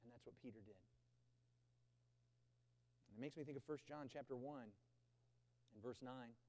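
A man preaching a sermon from a church stage, swinging between loud urgent bursts and low quiet emphasis and repeating phrases to drive them home. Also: moderate pace. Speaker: pastor. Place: stage in a large indoor church building. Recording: long hall reverb.

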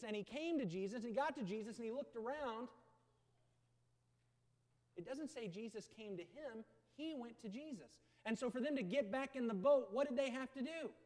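A man preaching a sermon from a church stage, swinging between loud urgent bursts and low quiet emphasis and repeating phrases to drive them home. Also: animated, normal speed. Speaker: pastor. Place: stage in a large indoor church building. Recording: long hall reverb.

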